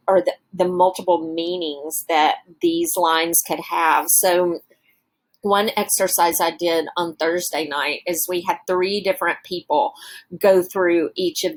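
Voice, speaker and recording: A woman teacher walking through classroom exercises on her slides, thinking aloud with frequent fillers. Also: lowish voice. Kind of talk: presenting teaching ideas over slides.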